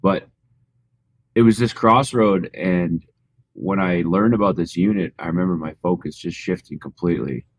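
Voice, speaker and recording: A Canadian man with a very low voice speaks as a podcast guest. He tells his story in a relaxed, modest way, dotted with fillers. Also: normal speed. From rural Alberta, Canada. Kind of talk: casual interview storytelling.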